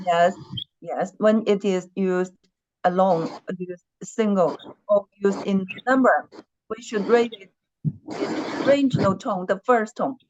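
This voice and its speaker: Slow patient woman teacher on a call. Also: medium pitch, darkish tone, lo-fi sound, a little hiss or hum. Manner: patient, repeats questions, hums "mm" while thinking. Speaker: Chinese language teacher. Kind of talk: online language class.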